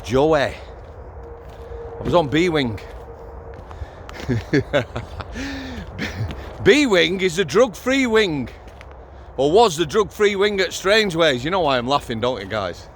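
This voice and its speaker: A man's voice: a little high, big pitch swings, takes it slowly, pauses often, a little hiss or hum. A middle-aged man, a former prison officer telling stories to his channel in a blunt, sweary, conversational way, outdoors. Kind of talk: casual vlog storytelling.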